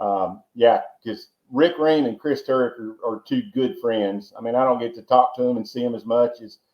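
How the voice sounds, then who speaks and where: A man from Georgia, telling long rambling stories as a podcast guest, often repeating words and adding folksy asides. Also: fairly low pitch. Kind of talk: casual storytelling interview. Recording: roomy, dull lo-fi sound.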